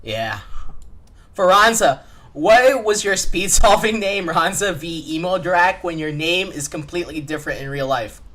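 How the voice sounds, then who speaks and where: A man's voice: sits high, lively intonation, measured pace, bright, forceful tone. A young man co-hosting a podcast in casual chat, joking and laughing often. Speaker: podcast co-host.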